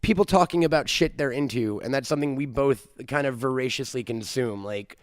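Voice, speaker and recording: A man's voice: medium pitch, fairly quick, no room sound, studio quality. A man co-hosting a podcast in casual chat, rambling and jokey with lots of "like" and some swearing, on a handheld microphone. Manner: rambling, profane, jokey, full of "like". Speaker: podcast co-host. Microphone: handheld microphone, not on a stand.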